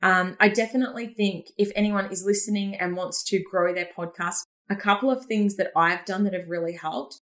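Energetic woman with a Queensland accent. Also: mid-range voice, normal speed, hardly any pauses. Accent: Queensland Australian. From Australia. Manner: energetic storyteller who laughs often. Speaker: podcast guest, business coach. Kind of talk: casual interview chat.

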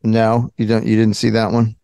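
A man's voice: lowish voice, monotone, moderate pace, warm tone, clear, resonant tone, no echo. A man hosting a podcast interview, asking rambling, overlapping questions. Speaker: podcast host. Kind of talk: casual interview chat.

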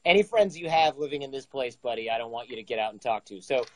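With a quick pace and a mid-range voice, a man in his forties relates a story as a guest storyteller, casual and animated as he performs the dialogue. The audio is rough, without echo.

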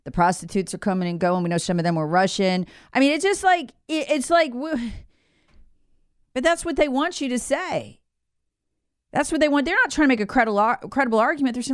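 A woman's voice: a little high, animated, brisk, clear, resonant tone, dry recording. A woman host delivers opinionated political commentary with open sarcasm, her voice swinging widely up and down. She hammers each point with repeated reminders and a mocking edge. The sound is dry and close, with no room around it. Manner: slips into mock voices to ridicule officials. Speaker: political talk show host.

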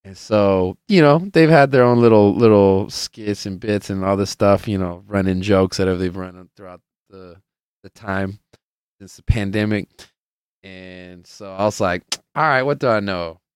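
Young male podcast host, very low and smooth voice, loose and profane, rambling storyteller. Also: fairly even intonation, unhurried, darkish tone, no echo, clean studio sound. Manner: rambling and profane, heavy on filler words; loose storyteller who plays out the people in his stories. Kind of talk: casual chat.

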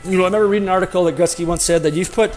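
Male storyteller, a bit high-pitched, lively and self-mocking, with soft music under him. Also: very fast. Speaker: former pro hockey player telling a story. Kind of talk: personal anecdote storytelling.

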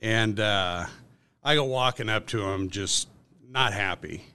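A man as a podcast guest, telling a workplace story in a casual, animated way with lots of fillers. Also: fairly low pitch, a little slow, clear, resonant tone. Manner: animated storyteller, acts out quotes, many fillers.

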